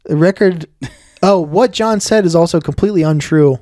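A man co-hosting a podcast with wry, teasing humor and a mellow, fairly high voice. His voice sits dry and close to the mic. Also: normal speed, no echo. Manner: wry, teasing, laughs often. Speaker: podcast co-host. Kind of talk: casual comedic banter.

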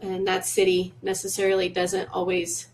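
A woman's voice: fairly low pitch, completely flat delivery, moderate pace, darkish tone, low-quality recording. Woman from missouri on a podcast, recalls a trip detail by detail, bit of noise behind her. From Missouri, USA. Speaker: podcast co-host. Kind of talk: casual storytelling chat.

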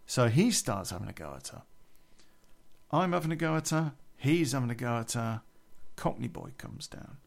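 Gravel-voiced man telling a sweary story. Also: mid-range voice, animated, moderate pace. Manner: blunt, heavy swearing. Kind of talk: casual spoken storytelling.

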